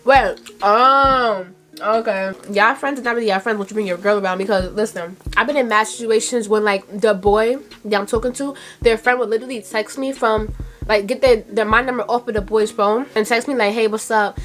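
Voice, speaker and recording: Giggly Brooklyn woman, slangy and high. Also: fairly even intonation, a little fast, a bit bright, soft background music. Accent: Brooklyn New York. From Brooklyn, New York. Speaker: vlogger. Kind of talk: casual chat.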